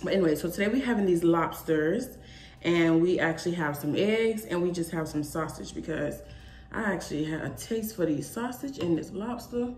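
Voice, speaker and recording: A woman's voice: fairly low pitch, animated, moderate pace, darkish tone. A young woman hosting a mukbang vlog, talking straight to her viewers in a sassy, emphatic way. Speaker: mukbang vlogger. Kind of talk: casual chat to camera. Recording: echoey room with faint noise.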